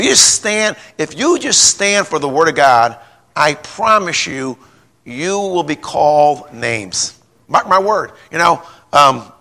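On the high side in pitch, a middle-aged pastor preaches a folksy sermon. He wanders through a personal anecdote, repeating words and raising his voice to a shout when stirred.

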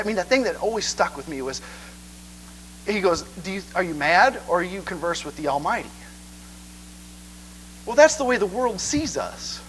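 A man preaching a sermon in an animated way, often checking in with listeners. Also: a little high, a little hiss or hum, poor audio. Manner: animated, asks the crowd 'okay?' a lot.

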